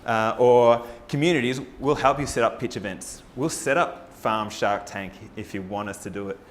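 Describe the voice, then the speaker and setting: A man giving an energetic, persuasive presentation at a forum, firing rhetorical questions at the audience. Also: medium pitch, moderate pace. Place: live talk at a farming forum.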